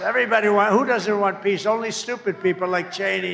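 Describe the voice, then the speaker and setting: A man's voice: sits high, steady tone, brisk, gravelly, hardly any pauses, pushed and bright. A man giving a boastful, rambling campaign rally speech, mocking his opponents as he goes. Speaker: political candidate. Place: large rally venue. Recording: echoey hall, faint background noise.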